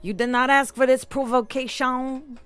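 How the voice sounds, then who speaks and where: A woman's voice: high-pitched, fairly even intonation, moderate pace, a bit bright, smooth, faint music behind, voice pushed up. A woman putting on a mock-solemn man's voice with an attempted Cajun accent, delivering a sing-song rhyming eulogy.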